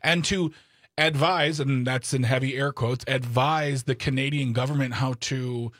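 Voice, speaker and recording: A man's voice: medium pitch, fairly even intonation, unhurried, a bit bright, dry recording, studio quality. A man from Wisconsin co-hosting a political talk show, opinionated and sarcastic, with exasperated outbursts.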